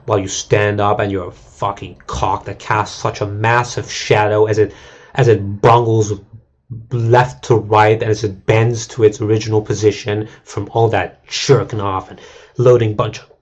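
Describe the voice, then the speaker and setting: Husky-voiced man ranting to chat. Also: fairly low pitch, muffled recording. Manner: crude, rambling, mocking. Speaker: game streamer. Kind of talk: casual rant to stream chat.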